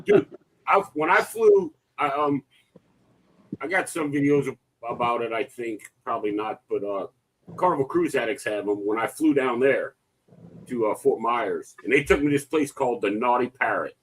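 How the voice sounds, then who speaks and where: A man co-hosting a casual cruise chat, telling animated stories and swearing freely. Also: mid-range voice, normal speed, slightly rough, rough recording. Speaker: podcast co-host.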